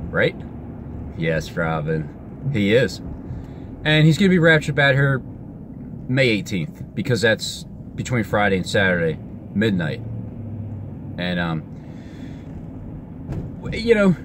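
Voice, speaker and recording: A man rambling excitedly to the camera, breaking off and restarting his sentences a lot. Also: lowish voice. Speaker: vlogger. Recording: outdoor street noise with passing cars.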